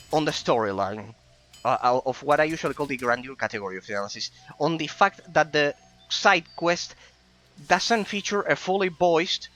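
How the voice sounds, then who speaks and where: A man's voice: a little high, pushed and bright, poor audio. A man, from Italy, giving analytical let's-play commentary as a gaming streamer, musing aloud with plenty of fillers.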